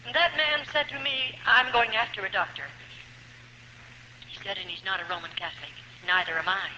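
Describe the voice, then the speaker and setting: A woman's voice: on the high side, sharp tone, slight background noise. A woman giving a heartfelt personal testimony to an audience, telling her story earnestly with hesitations along the way. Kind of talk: emotional spoken testimony to an audience. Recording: echoey hall, dull lo-fi archive recording.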